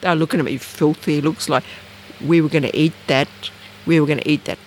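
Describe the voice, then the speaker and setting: A woman from Bathurst Island in northern Australia talks fast over a little hiss or hum, telling personal stories in an interview. She rambles casually, with many fillers and restarts. She is animated, voicing the people she quotes with big jumps in pitch.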